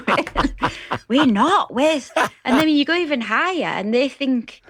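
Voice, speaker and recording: A woman's voice: high voice, lively intonation, slow, a bit bright, slightly rough, dry recording. A woman comedian with a Hull accent, chatting as a guest on a radio show, anecdotal and laughing often. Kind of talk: casual radio interview chat.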